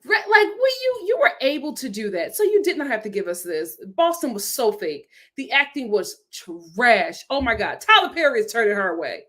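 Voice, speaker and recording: Woman vlog host with a high voice, animated, sassy review commentary. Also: normal speed, few pauses. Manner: animated, sassy, laughs often.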